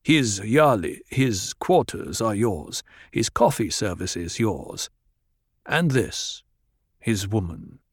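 A man voicing a stern male tribal chief who speaks gravely and with command, in a dry recording. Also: slow pace, no echo, exaggerated voice. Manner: grave, commanding, low and even.

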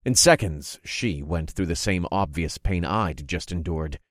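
A man narrating a fantasy audiobook in the first person, expressive and acting out his own reactions. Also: low-pitched, a little slow, no echo, studio quality. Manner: expressive, groaning and cursing in character.

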